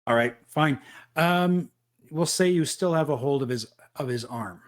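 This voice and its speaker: A man running a tabletop role-playing game as game master, describing the action with frequent pauses and fillers. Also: on the high side. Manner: measured, thinking aloud with fillers.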